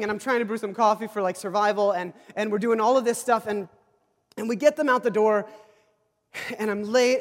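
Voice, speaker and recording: A man preaching a sermon, telling a rambling, self-deprecating personal story with many restarts. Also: high voice. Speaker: pastor. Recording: long hall reverb.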